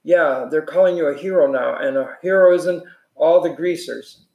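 A man's voice: a little high, normal speed, vocal fry, a little mellow, highs cut off. A man reading aloud, voicing a tough, desperate teenage gang member in a streetwise, clipped way, in an echoey room. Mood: forced cheerful.

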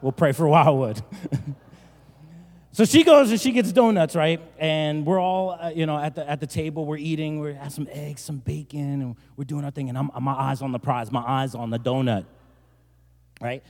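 A male pastor from New Jersey preaching a sermon, telling a joking story and rising to loud, emphatic bursts. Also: on the high side, normal speed. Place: large church hall. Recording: long church-hall reverb.

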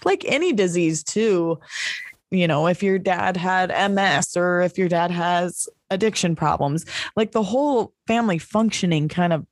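A woman interviewing a guest in a gentle, probing, conversational way, with loose "like" and "you know" phrasing. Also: fairly low pitch, normal speed, no room sound, studio quality. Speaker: podcast interviewer.

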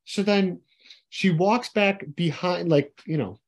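Husky man telling a rowdy story. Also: sits high, slow. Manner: animated storytelling, lots of swearing, acts out quoted people. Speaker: podcast co-host. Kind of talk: casual storytelling chat.

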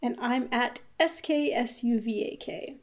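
A woman with a fairly high voice co-hosts a casual gaming podcast. She talks in a chatty, hesitant way, full of fillers and restarts. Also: unhurried. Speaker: podcast co-host. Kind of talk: casual chat.

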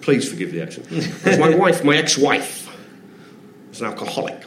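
A man putting on an Irish accent to play a sweary, deadpan storyteller. He sounds a bit higher than most men. The recording sounds roomy, as if made on a live stage. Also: normal speed, a little hiss or hum. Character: impression of a famous Irish comedian telling a story.

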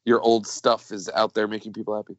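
A man's voice: fairly low pitch, level tone, fairly quick, dry recording. A man co-hosting a podcast in casual chat, rambling with lots of fillers and jokes. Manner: rambling, filler-heavy, jokey. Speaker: podcast co-host. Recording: dull lo-fi dry sound.

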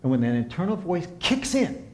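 A man preaching a sermon and counseling as he talks, impassioned, swinging from soft to emphatic. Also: a little high, very animated, normal speed. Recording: echoey room.

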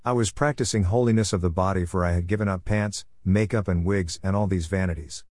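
A man's voice: sits low, steady tone, fairly quick, a little mellow, dry recording, clean studio sound. A man preaching an earnest, solemn sermon testimony about a vision of heaven.

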